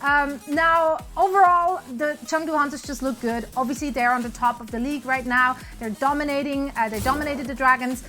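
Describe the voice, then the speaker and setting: Bright, high upbeat woman host. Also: fairly even intonation, a little fast, hardly any pauses, faint music behind. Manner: upbeat, joking. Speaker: esports show host. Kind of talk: playful scripted hosting.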